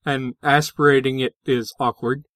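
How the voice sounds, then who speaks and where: A man's voice: medium pitch, flat delivery, normal speed, fairly bright tone, no echo. A man co-hosting a podcast, explaining linguistics in a casual, hesitant way with many fillers and restarts. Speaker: podcast co-host.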